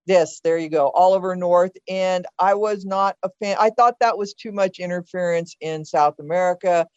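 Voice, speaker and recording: Appearing on a podcast hosted by her child, an older woman discusses past elections earnestly, sharing firm opinions and frequently starting her sentences over. Her fairly low voice is clear, resonant and a little mellow, moving at a normal speed. There's no room sound, and the casual political conversation comes across dull and dry.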